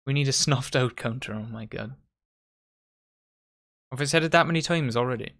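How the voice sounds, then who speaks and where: Male watchalong host, mid-pitched, casual chatty play-by-play with banter. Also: moderate pace, a bit bright. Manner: chatty, banters with friends and viewers. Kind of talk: casual live match commentary.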